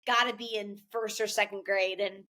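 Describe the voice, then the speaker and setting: A woman's voice: medium pitch, fairly even intonation, moderate pace. A woman hosting a conversational podcast interview, enthusiastic and affirming toward her guest. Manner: warmly enthusiastic listener, affirming. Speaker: podcast host.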